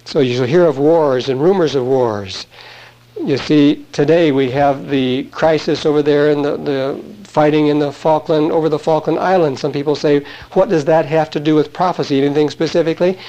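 A man teaching scripture from the pulpit, explaining passages with casual asides to his listeners. His voice sits a little high and sounds warm and mellow. The sound is muffled and lo-fi, like an old cassette of a church service. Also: steady tone, normal speed. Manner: explanatory, conversational asides to the congregation. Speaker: pastor. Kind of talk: verse-by-verse Bible teaching. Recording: dull lo-fi sermon tape.

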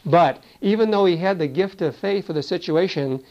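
A man's voice: high-pitched, normal speed, a little mellow. A man teaching a Bible sermon in a conversational way, often adding "you see" and "you know.". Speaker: preacher. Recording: dull lo-fi recording.

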